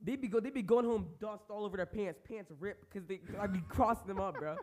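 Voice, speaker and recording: High-voiced young man telling stories. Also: brisk. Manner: animated storytelling with slang. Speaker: podcast co-host. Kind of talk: casual chat.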